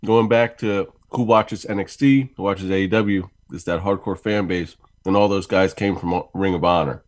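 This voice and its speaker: A man's voice: low voice, fairly even intonation, moderate pace, no room sound. A man co-hosting a casual talk show, laying out his points at length in an easygoing way. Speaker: podcast co-host. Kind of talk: casual chat.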